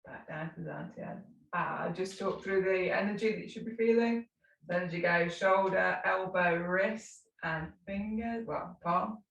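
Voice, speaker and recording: Tai chi teacher, woman, low gravelly voice, calm unhurried cues, echoey room, mic set well back. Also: distant mic. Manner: calm, unhurried cueing with soft asides. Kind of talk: live movement class instruction.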